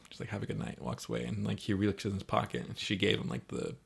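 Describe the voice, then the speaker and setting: A man co-hosting a podcast, casually recapping a movie and acting out characters' lines in quick quoted voices. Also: on the low side, sing-song, gravelly, slightly rough. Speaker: podcast co-host.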